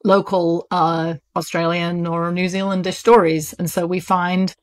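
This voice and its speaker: Chatty British woman publisher, lowish voice. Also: unhurried. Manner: chatty, animated, many fillers and laughs. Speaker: audiobook publisher, interview guest. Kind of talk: casual interview talk.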